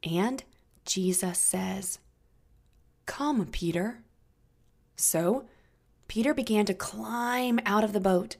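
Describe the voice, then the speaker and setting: A woman narrating a Bible story for young children, gentle and inviting the listeners to join in. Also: medium pitch, takes it slowly, gravelly.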